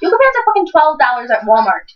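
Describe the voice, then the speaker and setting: A high-pitched teenage girl chats casually and tells a story, swearing freely and voicing the people in it. She sits some way from the microphone. The recording sounds dull and lo-fi. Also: quick pace. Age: teens. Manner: swears freely, animated retelling with voiced quotes. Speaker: co-host. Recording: distant, dull lo-fi home mic.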